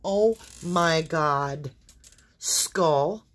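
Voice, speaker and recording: Speaking extremely slowly in a low-pitched voice, a tarot reader gives her viewers an intuitive reading. She is earnest and exclamatory, with occasional coughing fits.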